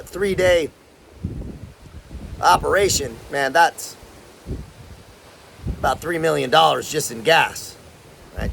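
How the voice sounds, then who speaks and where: Brief: a Californian host telling stories in casual slang, rough gravelly tone with a faint hiss behind. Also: male voice, on the high side, fairly bright tone. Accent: Californian American. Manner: slangy, laid-back, says man and bro a lot. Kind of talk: casual storytelling.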